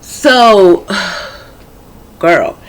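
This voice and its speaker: A woman's voice: mid-range voice, lively intonation, extremely slow. A woman vlogger casually telling a personal story, chatty and full of profanity. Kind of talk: storytime vlog.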